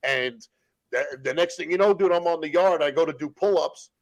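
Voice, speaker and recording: A man's voice: fairly high pitch, normal speed, no room sound, poor audio. A man in casual chat, telling stories with lots of swearing and acting out what others said. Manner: profane, storytelling, acts out quotes. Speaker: guest telling prison stories.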